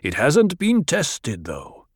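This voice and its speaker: A man voicing a stern male tribal chief who speaks gravely and with command, in a dry recording. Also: slow pace, dry recording, full character voice. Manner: grave, commanding, low and even.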